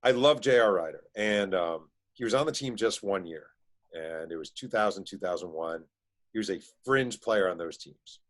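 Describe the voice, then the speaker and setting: He speaks in a fairly low voice as a guest author spinning anecdotes. His pace surges in quick bursts, loaded with "like" and "um." It sounds animated and conversational rather than scripted. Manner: animated storyteller, quick bursts, many fillers. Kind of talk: casual storytelling chat.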